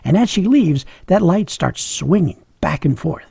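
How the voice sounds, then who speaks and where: A man's voice: fairly high pitch, animated, unhurried, vocal fry, dark tone, slightly rough, no echo. A middle-aged man telling a funny personal story, chuckling often and joking at his own expense. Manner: humorous, chuckling, self-mocking.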